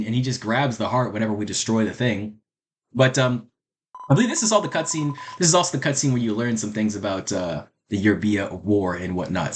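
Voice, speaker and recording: A man's voice: medium pitch, a little hiss or hum. A young man casually commenting on a game he streams, crude and joking as he rambles.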